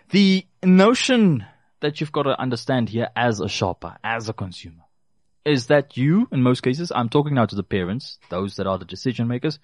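A man gives casual shopping advice, stressing his points by saying them twice. His pitch rises and falls a lot as he talks. The sound is dry and close, with no room echo. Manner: emphatic, repeats key phrases for stress. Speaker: consumer advice presenter. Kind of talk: casual advice talk to listeners.

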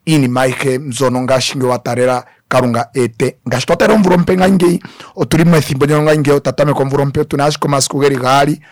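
A man's voice: mid-range voice, steady tone, fast, no room sound. A man speaking as a guest pastor in a radio studio, preaching fervently to the listeners. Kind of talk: radio ministry broadcast.

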